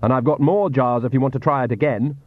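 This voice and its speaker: A man's voice: medium pitch, fast, no echo, phone-quality sound, natural voice. A man voicing a young witch woman, nervous but defiant.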